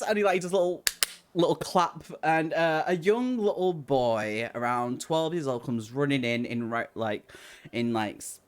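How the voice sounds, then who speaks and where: A woman's voice: deep voice, normal speed, a little hiss or hum. A woman narrating as game master of a tabletop game, rambling with many fillers and little laughs.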